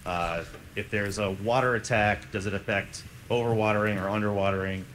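Lowish-voiced male moderator posing a question. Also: steady tone, a little fast, a bit bright, a little hiss or hum, rough recording. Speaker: session moderator asking a question. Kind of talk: conference Q&A question.

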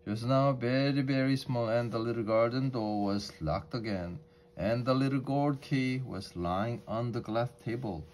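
A man reading a storybook aloud for English learners in a calm, measured way, with small restarts. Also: mid-range voice.

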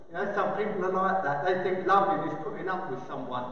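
Brief: a male pastor with a very high voice, playful and animated, recorded from far off. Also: moderate pace. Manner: animated, joking, imitates animal noises. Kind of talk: sermon. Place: large church hall. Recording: echoey hall, distant, dull.

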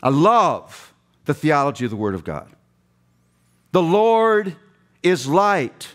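A man's voice: a little high, very animated, takes it slowly, a bit bright. A middle-aged man preaching a passionate sermon with emphatic repetition, addressing seminary students. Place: seminary chapel.

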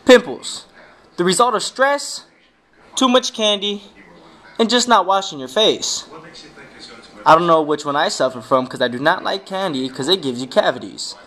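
Hyped, bright-voiced young man. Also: high voice, lively intonation, normal speed, pauses often. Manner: rambling, hyped, profane, playful. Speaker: DJ and club promoter. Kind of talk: casual vlog talk.

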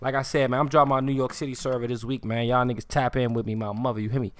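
A man's voice: medium pitch, flat delivery, very fast, no room sound. Guy streamer going off to his chat, lots of slang and cussing, keeps saying you hear me, dead dry sound. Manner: slang-heavy street talk. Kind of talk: casual live-stream rant.

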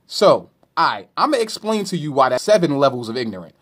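A stand-up comedian from Brooklyn with a New York accent, ranting brashly with profanity and mocking questions. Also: male voice, fairly high pitch, very animated, moderate pace, hardly any pauses, fairly bright tone, husky. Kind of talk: comedic rant to camera.

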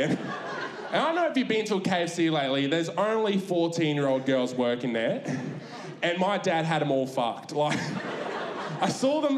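Laid-back young Australian comedian. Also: male voice, on the high side, echoey room, a little hiss or hum. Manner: laid-back, swearing, storytelling. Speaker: stand-up comedian. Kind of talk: stand-up routine. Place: comedy club stage.

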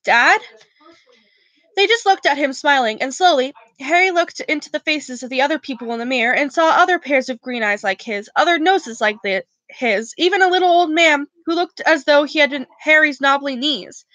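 A woman reads a novel aloud in a casual, unpolished way, stumbling and restarting now and then. Her voice is high and bright. The sound is close and dry. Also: brisk, few pauses, dry recording, rough recording. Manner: casual reading with slips and restarts. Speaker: reader.

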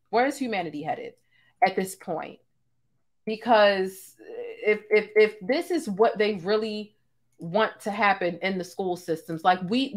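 A woman's voice: mid-range voice, a bit bright. Sassy profane woman ranting on stream. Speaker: host. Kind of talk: live-stream commentary.

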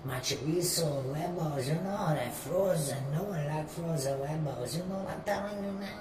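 A man's voice: fairly high pitch, moderate pace, natural voice. A man voicing a broke, streetwise Chicano man who drawls slang and says "man" at every turn. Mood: complaining. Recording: roomy, distant, noisy room.

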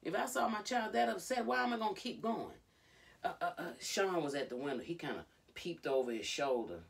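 A woman's voice: on the low side, lively intonation, brisk, creaky, distant mic. A woman coach hosting a reality-show commentary vlog, retelling events dramatically and calling out to the Lord. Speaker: life coach and vlogger.

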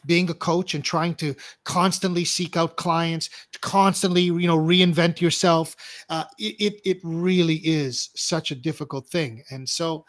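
A man hosting a casual interview over a video call, halting with restarts and frankly cursing. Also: a little high, fairly even intonation. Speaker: host, clarity coach.

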